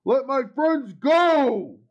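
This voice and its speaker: A man's voice: extremely high pitch, animated, very slow, muffled recording, full character voice. A man voicing a panicky male wizard who pleads and whines. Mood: pleading. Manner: pleading, whiny.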